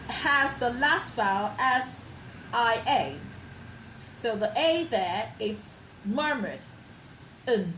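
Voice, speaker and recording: A woman teaching a pronunciation lesson, modeling sounds slowly and praising the learner as she goes. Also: on the high side, fairly bright tone, echoey room, a little hiss or hum, poor audio. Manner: slow, drawn-out modeling of sounds with encouraging praise.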